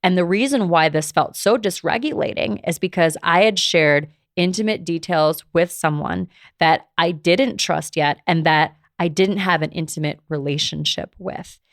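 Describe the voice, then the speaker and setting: A woman's voice: fairly low pitch, normal speed, hardly any pauses, no echo, studio quality. A woman in her thirties, a podcast host, telling a personal story in a confessional way, filling her speech with "like". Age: 30s. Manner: confessional, heavy use of "like".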